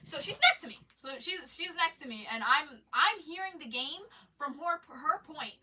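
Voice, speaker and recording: A woman's voice: high-pitched, lively intonation, normal speed, bright, forceful tone, far from the mic. A woman with a stuffy nose on a casual live stream, rambling about her day and swearing, with lots of restarts, sitting in her bedroom.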